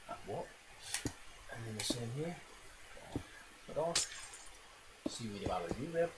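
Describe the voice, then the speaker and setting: A man's voice: on the low side, expressive, moderate pace, pauses often. A man giving rambling, self-mocking gameplay commentary, swearing often and making silly noises. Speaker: game commentator. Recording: loud background noise.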